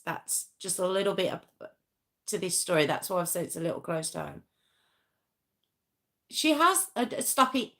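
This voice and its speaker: A woman's voice: mid-range voice, fairly bright tone. A woman hosting a true crime live stream, chatting casually and self-mockingly with viewers while reading the comments. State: sore arm. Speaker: true crime livestream host.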